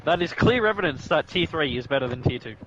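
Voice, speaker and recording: A man's voice: fairly high pitch, expressive, fast talker, muffled recording, noisy background. A man hosting a live sim racing stream, commentating the race with joking banter that picks up when the action heats up.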